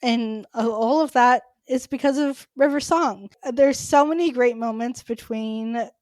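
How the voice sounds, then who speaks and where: A woman's voice: fairly high pitch, measured pace, darkish tone, no room sound. A woman co-hosting a podcast, talking in a casual, chatty way with many "like" fillers. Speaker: podcast co-host. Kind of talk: casual chat.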